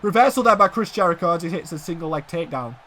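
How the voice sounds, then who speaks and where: A man giving excitable play-by-play commentary on a wrestling video game, dropping to low murmurs and rising to shouted exclamations. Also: quick pace, slight background noise.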